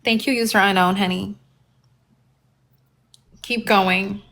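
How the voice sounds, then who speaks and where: A woman's voice: medium pitch, fairly even intonation, takes it slowly, creaky, a bit bright. A woman hosting a live stream, talking casually in a blunt, profane and aggravated way. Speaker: livestream host.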